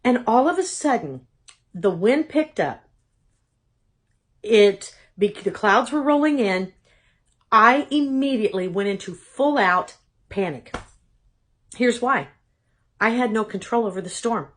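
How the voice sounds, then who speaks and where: A woman giving a personal testimony talk as a Christian speaker, telling her story in an animated, expressive way with dramatic asides. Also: medium pitch, slow, long pauses.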